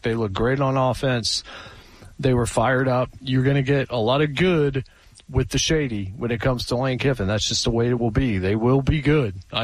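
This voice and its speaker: A man co-hosting a sports talk show, opinionated and animated, often restarting his sentences. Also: mid-range voice, dry recording, low-quality recording.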